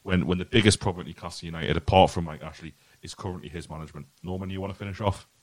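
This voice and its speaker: Deep and steady, this podcast host's voice moves rapid-fire through his earnest, wandering football commentary, full of repeated words. The recording has no echo.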